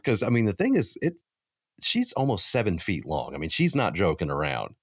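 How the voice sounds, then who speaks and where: Deep-voiced animated male storyteller. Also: fairly quick, no room sound, clean studio sound. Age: 30s. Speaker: podcast guest. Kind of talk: casual storytelling chat.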